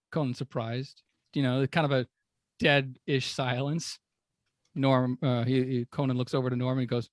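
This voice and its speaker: A man's voice: medium pitch, flat delivery, moderate pace, no echo. A man co-hosting a podcast, animatedly retelling a story with lots of fillers and quoted lines. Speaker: podcast co-host. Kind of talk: casual storytelling chat.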